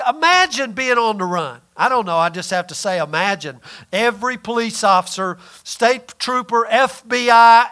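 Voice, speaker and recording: A man pastor preaching a sermon, swinging between loud emphatic lines and hushed, near-whispered ones. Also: very high voice.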